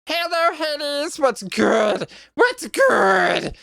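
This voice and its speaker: A woman voicing a brash, foul-mouthed raccoon villain with a scratchy, strained voice, taunting and loud. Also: high voice, sing-song, drawn-out words, vocal fry, dry recording, clean studio sound, pitched above the performer's own voice, exaggerated voice. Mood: gloating. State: strained throat.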